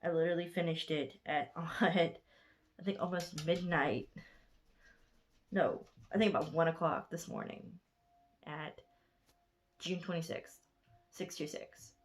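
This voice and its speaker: A woman in her twenties with a Southern US accent gives a casual book review vlog. She sounds sleepy from being up late and rambles along in a fairly low voice, stopping to correct herself and gushing over what she loved. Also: unhurried, long pauses. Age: 20s. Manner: rambling, chatty, gushing, with frequent self-corrections. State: sleepy, yawning late at night.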